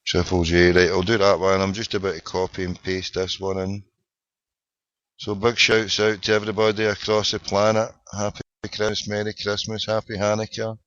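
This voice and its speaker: A man's voice: on the low side, flat delivery, moderate pace, fairly bright tone, dry recording, lo-fi sound. A Scottish man with a Glaswegian accent hosting a casual internet radio show, chatting, swearing and joking as he goes. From Scotland. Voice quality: sweary, jokey, rambling. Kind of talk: casual live chat and phone-in.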